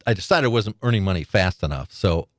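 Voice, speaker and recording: Older male guest, deep voice, animated storyteller, dry close recording. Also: fast, dry recording. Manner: animated storyteller, laughs often, acts out quoted voices. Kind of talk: storytelling interview.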